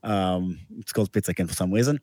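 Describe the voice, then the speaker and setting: A man's voice: sits low, fast talker, dark tone, no room sound. Musician guy rambling thru a tour story, dry close sound. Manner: rambling anecdotes with restarts and laughs. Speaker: musician guest. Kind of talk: casual storytelling interview.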